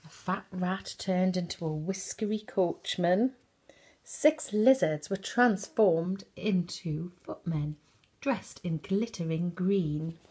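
Woman, bedtime story reading, expressive, lowish voice, husky. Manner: slow, soft and expressive, drops to whispers.

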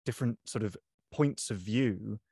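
Young man, audiobook narrator, low voice, dry close mic, thoughtful, hesitant. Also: moderate pace, dark tone, husky, no room sound. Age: young adult. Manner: thoughtful, many ums and restarts. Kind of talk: interview guest, casual talk.

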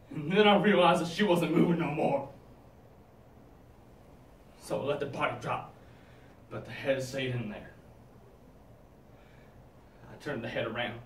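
A young man performing a dark dramatic monologue for a competition, moving from hushed, low menace to loud shouting. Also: unhurried, long pauses. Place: room at a speech competition. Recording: echoey room, mic at a distance.

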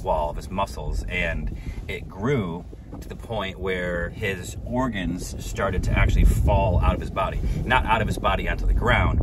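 A man's voice: low voice, very noisy. A middle-aged man hosting a casual vlog, chatty and joking. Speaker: vlog host.

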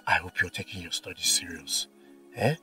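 A man's voice: low-pitched, moderate pace, pushed and bright. A young Nigerian man acting in a film drama as an earnest village son who pleads and repeats himself. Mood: eager. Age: young adult. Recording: distant mic with faint music.

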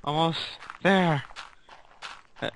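A man's voice: fairly high pitch, fairly even intonation, very slow, fairly bright tone, a little hiss or hum. A man chatting casually while playing a block-building game with friends, laid-back with goofy comebacks. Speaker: gamer. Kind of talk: casual gameplay chat.

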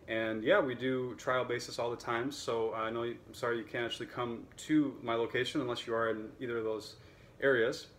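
Man, violin teacher, casual chat to camera, mid pitch, relaxed, filler-heavy, light background noise. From United States. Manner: relaxed, chatty, many fillers.

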